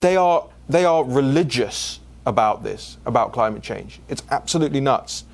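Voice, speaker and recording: A man's voice: normal speed, creaky. A man hosting an opinion talk show, speaking casually and scornfully with many fillers, answering listener questions. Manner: casual and scornful, with fillers and sudden pitch jumps.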